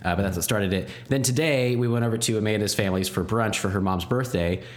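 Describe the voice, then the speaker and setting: A man co-hosting a podcast in relaxed, chatty conversation, laughing easily. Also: lowish voice, quick pace. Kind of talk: casual chat.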